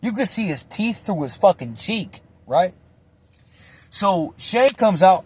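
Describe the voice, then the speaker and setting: Man, high voice, casual storytime, slangy, animated, swearing. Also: slow pace, breathy edge.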